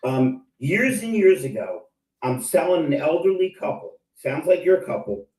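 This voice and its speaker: A man chats on a live stream, playful and self-mocking, with a somewhat high, lively voice. The sound is roomy and picked up from a distance, as on a video call. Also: normal speed. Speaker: sales show co-host. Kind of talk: casual chat on a live stream.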